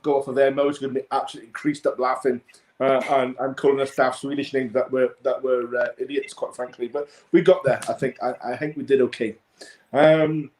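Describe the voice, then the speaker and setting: A man's voice: medium pitch, a little mellow. A man hosting a casual chat, rambling with many restarts. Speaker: host. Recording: echoey room.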